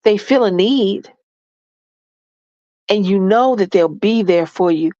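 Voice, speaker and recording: A congested woman delivers a folksy, preachy relationship advice monologue, leaning on y'all and baby as she lectures her listeners. Her voice sits at a middling pitch, and it comes through a dull, lo-fi recording that is dry and close. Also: slow pace, dark tone, no room sound.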